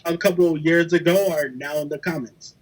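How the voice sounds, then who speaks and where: High-voiced wisecracking podcast man. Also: steady tone, fairly quick. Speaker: podcast co-host. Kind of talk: casual podcast chat.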